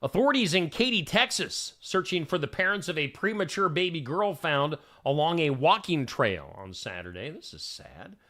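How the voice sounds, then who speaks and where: A male radio host reads the morning news in a casual, chatty way. His voice is bright and forward, and it rises and falls a lot as he drops joking asides between stories. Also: a little high, sing-song, moderate pace, hardly any pauses.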